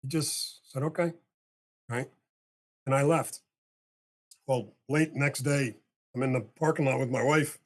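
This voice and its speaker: An older man, a podcast guest, telling a long story in casual talk and acting out the dialogue with a husky voice. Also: mid-range voice, unhurried, long pauses. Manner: animated storyteller, acts out dialogue, swears casually.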